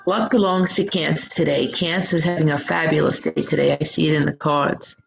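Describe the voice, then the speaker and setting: A woman giving live psychic tarot readings from home, gushing and affectionate with drawn-out words, speaking into a computer mic. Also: deep voice, steady tone, creaky, soft background music, low-quality recording. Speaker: psychic reader.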